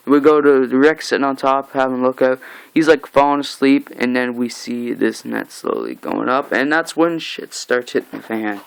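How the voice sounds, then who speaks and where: Flat-voiced man recapping a comic. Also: mid-range voice, moderate pace, gravelly, clean tone, low-quality recording. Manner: reads the dialogue aloud in a flat, offhand way, with many "uh"s and "like"s. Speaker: comic book reviewer.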